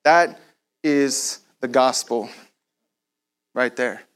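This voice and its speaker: A man preaching a sermon, telling a story in an animated way and acting out both sides of the conversation, with laughs along the way. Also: mid-range voice, drawn-out words, clear, resonant tone.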